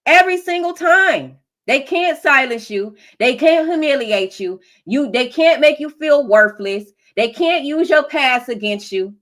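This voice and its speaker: A woman's voice: high-pitched, expressive, unhurried, few pauses, fairly bright tone. A woman giving an emphatic, preachy collective tarot reading, laughing often. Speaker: tarot reader.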